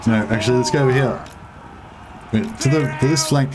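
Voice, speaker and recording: A man's voice: mid-range voice, fairly quick, music in the background. A young man casually commentating a strategy game as he plays, rambling, joking with his viewers and swearing now and then. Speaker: gaming streamer. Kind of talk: casual let's-play commentary.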